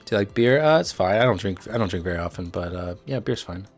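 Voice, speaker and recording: A man's voice: sits low, expressive, quick pace, soft background music. A young man with a Chicago accent, chatting loosely with viewers on a livestream, full of fillers and blunt asides. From Midwest United States. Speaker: trading livestream host. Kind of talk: casual livestream chat answering viewers.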